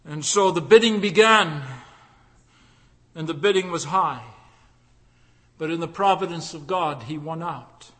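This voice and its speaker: Male preacher, high bright voice, slow and fervent delivery, loud-to-hushed swings. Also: long reverb tail. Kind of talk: sermon with closing prayer.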